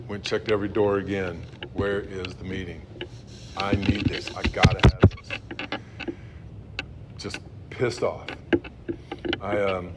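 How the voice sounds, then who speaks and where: A man in his fifties telling his own recovery story in a halting, blunt, profane way, heard on a noisy recording. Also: on the low side. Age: 50s. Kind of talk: personal testimony at a meeting.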